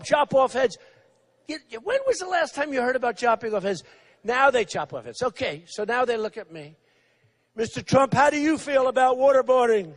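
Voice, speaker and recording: A man in his sixties giving a rambling, repetitive campaign rally speech, acting out quotes of others in a mocking tone. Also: very high-pitched. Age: 60s. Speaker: political candidate.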